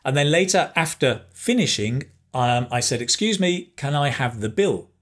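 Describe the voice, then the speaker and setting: A man teaching a beginner language lesson, speaking slowly and carefully and pausing so learners can repeat phrases. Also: medium pitch, expressive. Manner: slow, careful, encouraging, pauses for repetition; switches between English and Spanish phrases. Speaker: Spanish teacher.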